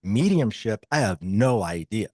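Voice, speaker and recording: Male podcast guest with a low voice, recorded dry, telling a story with lively acted-out quotes. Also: unhurried, no echo. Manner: animated, acts out quoted dialogue. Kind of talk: personal storytelling.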